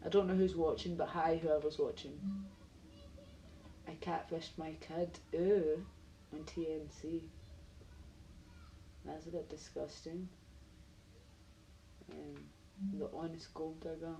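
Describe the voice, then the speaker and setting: A woman's voice: low-pitched, flat delivery, slow pace, long pauses, dark tone, a little hiss or hum, rough recording. A Scottish woman live streaming, chatting bluntly and casually, swearing and reading out video titles as she goes. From Scotland.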